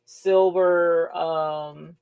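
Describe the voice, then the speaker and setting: Slow-talking woman hosting a craft livestream. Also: on the low side, steady tone, creaky, darkish tone, clean tone. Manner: gushing, repeats phrases, addresses viewers as fam. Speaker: livestream host showing rhinestone shirts. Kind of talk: casual livestream chat.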